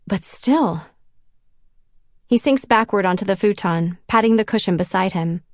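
A woman's voice: medium pitch, unhurried, dry recording, clean studio sound. A woman reading a novel in first person, with a self-conscious, wry inner voice. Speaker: audiobook narrator. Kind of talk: first-person audiobook narration.

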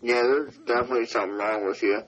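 A man voicing a slow, dim hillbilly sidekick who drawls along agreeably. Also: mid-range voice, fairly even intonation, fairly bright tone, voice pushed down, close to an everyday voice. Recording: dull lo-fi audio.

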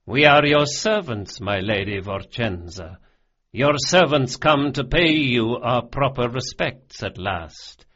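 A man voicing a courteous yet quietly threatening older crime lord in an audiobook, with a lively, measured delivery on a dull lo-fi recording. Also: mid-range voice. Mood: suave, menacing. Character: smooth, menacing older male crime lord.

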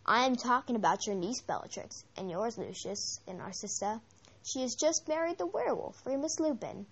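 A woman voicing a cold, menacing male dark lord in a read-aloud story, speaking slowly and quietly with mockery. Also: a little high, lively intonation, breathy edge, dull audio.

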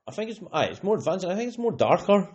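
This young Scottish man hosts a casual podcast, talking fast in a high-pitched, husky, darkish voice that is very animated. He rambles and leans heavily on fillers like "you know what I mean." The recording is lo-fi.

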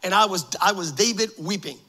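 A man preaching a sermon with passion, repeating phrases, joking in asides and building up to shouts. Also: high voice, fairly quick.

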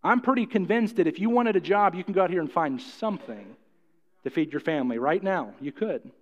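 A man's voice: high-pitched, animated, fairly quick. A middle-aged man preaching a sermon to his congregation, folksy and jokey, often repeating himself and putting questions to the room. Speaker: pastor. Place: church hall. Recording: muffled, with long hall reverb.

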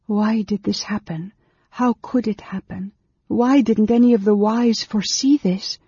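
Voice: mid-range voice, steady tone, moderate pace, dark tone, slightly rough, dry recording. A reader voicing an anxious, desperate young woman in an audiobook, her lines fretful and pleading. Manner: fretful, pleading, rising to urgent. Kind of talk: audiobook character voice. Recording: dull, dry lo-fi recording.

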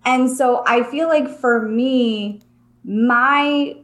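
A woman's voice: a little high, extremely slow, fairly bright tone. A young adult woman co-hosting a spiritual podcast, speaking earnestly and reflectively with casual fillers. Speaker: podcast co-host.

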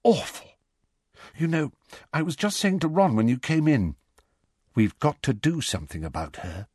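A man's voice: fairly high pitch, very animated, moderate pace, darkish tone, husky, no room sound, clean studio sound, pitched above the performer's own voice. A man voicing an earnest, insistent teenage schoolgirl in an audiobook reading. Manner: eager and insistent. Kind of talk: audiobook character voice.

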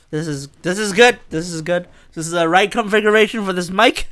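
Excitable man rambling on a podcast. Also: sits high, fairly quick, smooth. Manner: excitable, swings between loud bursts and quiet mumbling. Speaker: podcast host. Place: home room. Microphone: home desk microphone.

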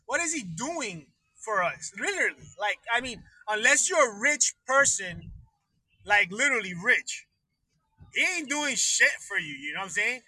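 A man's voice: high voice, sing-song, moderate pace, pushed and bright, no room sound, rough recording. Male livestream host, casual rant, swears a lot, dry close-miked sound. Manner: profane, rambling, laughs often.

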